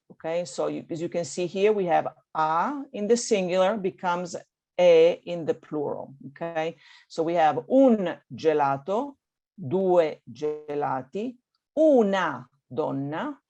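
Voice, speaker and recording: A woman's voice: on the low side, warm tone. Italian-accented woman teaching an online beginner class, upbeat and patient, keeps checking in with listeners. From Italy. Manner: encouraging, checks in with frequent "okay?". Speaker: language teacher. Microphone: video call.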